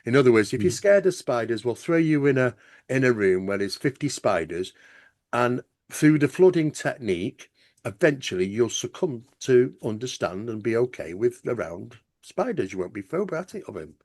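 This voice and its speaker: Man, podcast host, mid pitch, lively intonation, dry close sound, conversational explaining. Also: moderate pace, no echo. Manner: conversational, explanatory, heavy use of "you know".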